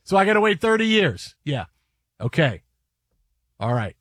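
Speak as an animated, high-voiced radio host. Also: male voice, moderate pace, no echo, studio quality. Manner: animated, repetitive, mock-dramatic asides. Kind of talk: casual sports radio banter. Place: radio studio. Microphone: studio microphone.

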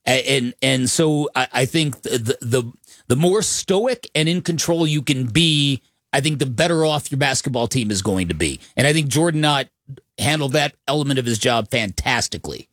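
A man's voice: medium pitch, expressive, moderate pace, fairly bright tone, no room sound. A man co-hosting a studio sports talk show, chatty and emphatic, often restarting his sentences. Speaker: sports radio co-host. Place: radio studio. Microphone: studio microphone.

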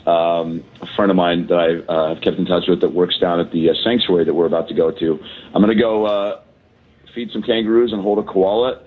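A hungover male comedian talks from a balcony over a muffled, lo-fi call line. His voice sits low, and he rambles through jokes with plenty of "uh"s and "um"s. The sound is dull and narrow. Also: steady tone, a little fast. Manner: joking, rambling, lots of fillers. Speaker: comedian guest calling in. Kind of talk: casual chat on a call. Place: hotel balcony abroad.

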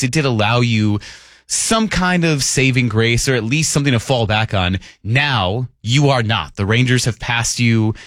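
A man hosting a morning sports radio show, talking quickly and casually and laughing often. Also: mid-range voice, a bit bright, dry recording, clean studio sound.

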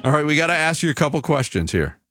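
A man hosting sports radio, bantering and joking on air. His pitch jumps around a lot as he talks. The studio sound is very dry, with faint music underneath. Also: quick pace, no room sound. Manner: lively, joking, animated. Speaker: radio show host.

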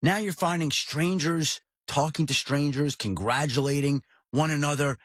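A middle-aged man with a husky, slightly breathy voice talks sports on a podcast. He is animated and emphatic, and his pitch climbs when he presses a point. The sound is close and dry, with no room around it. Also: moderate pace, dry recording. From New York area. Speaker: podcast host. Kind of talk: casual sports talk.

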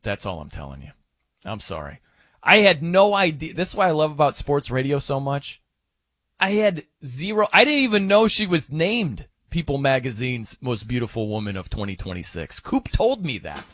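A man hosts sports radio in loose, joking banter, his pitch jumping all over as he rambles along with fillers. The sound is close and dry off a studio mic, with no room around it. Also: big pitch swings, normal speed, fairly bright tone, dry recording. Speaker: sports radio fill-in host.

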